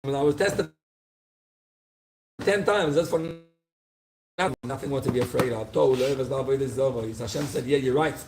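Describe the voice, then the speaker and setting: Male rabbi with a mid-pitched voice, storytelling sermon, lively retellings, faint hiss behind him. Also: normal speed, long pauses. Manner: storytelling, acting out figures' pleas. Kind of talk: explaining liturgical poems.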